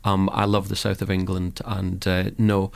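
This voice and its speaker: Low-voiced man from Scotland, hesitant. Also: completely flat delivery, normal speed, creaky. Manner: hesitant, with many ums, then blunt opinions. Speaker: radio guest. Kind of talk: radio discussion. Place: radio studio.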